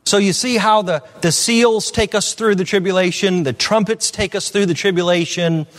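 A man preaching a sermon as pastor, reading scripture aloud and commenting with frequent fillers, swinging from low asides to loud declarations. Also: normal speed.

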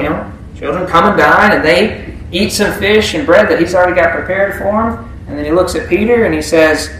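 A man with a high voice delivers a sermon to his congregation. He keeps it conversational and keeps asking them questions. His words ring through a very echoey church with a faint hiss behind them. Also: a bit bright, recorded from a distance. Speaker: preacher. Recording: very echoey room.

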